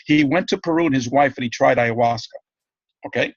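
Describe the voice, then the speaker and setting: A man's voice: medium pitch, fairly quick, dry recording, muffled recording. A man being interviewed as a guest, telling one story after another in a rambling, eager way and often checking in with "okay?".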